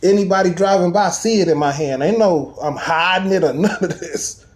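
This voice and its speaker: A man in casual chat, telling a personal story with animated emphasis and street slang. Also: high voice, normal speed.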